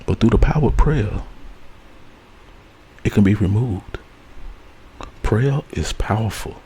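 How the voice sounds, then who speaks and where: A man with a low, warm voice gives an ASMR spiritual advice talk. He speaks earnestly and circles back to the same phrases like a preacher. A faint hiss sits under his voice. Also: slow, rough recording. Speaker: host.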